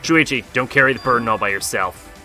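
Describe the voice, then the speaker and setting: A man's voice: mid-range voice, fast talker, bright, forceful tone, faint music behind. A man voicing a brash, loyal teenage boy from a video game, reading the lines in a bold, encouraging way. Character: brash, loyal teen boy, self-styled hero.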